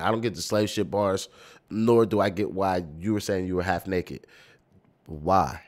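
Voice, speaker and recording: A man's voice: low-pitched, a little slow. A young American man hosting a reaction video, talking bluntly and incredulously with plenty of swearing. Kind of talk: reaction commentary.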